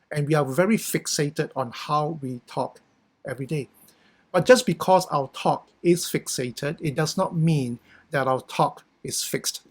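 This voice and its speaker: A middle-aged man with a Singaporean English accent, giving a conversational workshop talk with frequent "you know" and "right?". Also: on the high side. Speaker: workshop speaker. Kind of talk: talk on communication.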